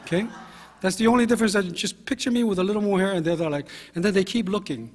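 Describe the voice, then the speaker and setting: A man in his fifties, a pastor telling anecdotes in a relaxed sermon, with fillers and self-deprecating humor. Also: sits high, very fast. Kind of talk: conversational sermon storytelling. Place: church sanctuary. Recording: long hall reverb from a church.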